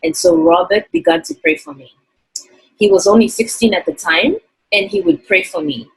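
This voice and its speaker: A woman's voice: mid-range voice, big pitch swings, moderate pace, breathy edge, low-quality recording. A woman from Zambia, earnestly and reflectively telling a personal story in an interview. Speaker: interview guest.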